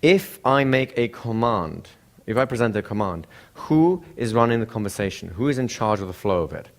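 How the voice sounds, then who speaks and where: A man's lowish voice carries lively intonation at a moderate pace as he teaches a class. He asks the students rhetorical questions again and again, acting out samples of speech intonation along the way.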